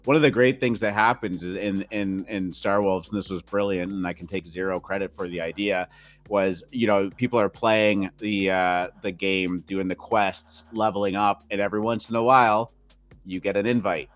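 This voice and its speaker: Man, co-host, low voice, easygoing, explanatory, casual chat. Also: steady tone, normal speed.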